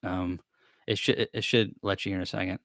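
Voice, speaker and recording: Laid-back guy running a live q&a, kinda low voice, chats along self-deprecating. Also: steady tone, a little fast, fairly bright tone, no room sound, clean studio sound. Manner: rambling, easygoing, self-deprecating. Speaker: beekeeping channel host. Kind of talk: live-stream Q&A chat.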